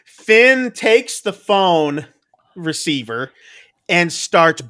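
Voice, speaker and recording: A man's voice: sits high, sing-song, extremely slow, a bit bright. A man co-hosting a casual movie review, retelling the plot loosely with many fillers. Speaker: podcast co-host.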